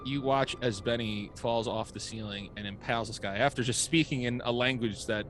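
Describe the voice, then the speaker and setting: A man's voice: medium pitch, fairly even intonation, fairly quick, fairly bright tone, a little hiss or hum. A man running a tabletop game as game master, narrating loosely with frequent laughs and fillers.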